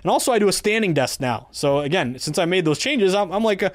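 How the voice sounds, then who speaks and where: A man's voice: high voice, animated, fast talker, dry recording. Chatty thirty-something man, dry close sound. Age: 30s. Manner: chatty, enthusiastic, rattles off odds and stats. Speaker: podcast host, betting analyst. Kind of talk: casual sports betting podcast.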